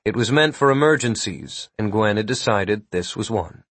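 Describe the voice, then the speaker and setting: A man reading a fantasy story aloud in a measured, even storytelling manner. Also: fairly low pitch, no room sound. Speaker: audiobook narrator. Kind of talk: scripted narration.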